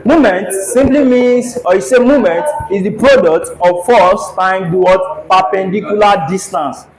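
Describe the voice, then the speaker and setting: A man's voice: high-pitched, unhurried, poor audio. A man teaching a classroom engineering lecture at a board, who keeps repeating his questions so the students will answer.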